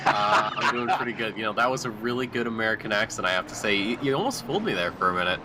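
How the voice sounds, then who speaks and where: A man with a lowish voice sits in as guest commentator on a sim race. He talks in a relaxed, rambling way, and there is clear noise behind him. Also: fast. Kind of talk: casual race commentary chat.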